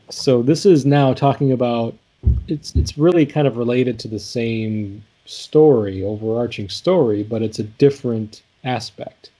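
A man's voice: mid-range voice, a little slow, dark tone. A man co-hosting a casual chat, thoughtfully walking through song lyrics with many fillers and restarts. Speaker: podcast co-host discussing song lyrics.

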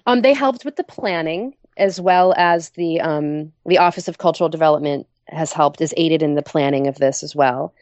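Woman, interview guest, low voice, matter-of-fact, dry sound. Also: moderate pace, few pauses, darkish tone, no room sound. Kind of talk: casual interview chat.

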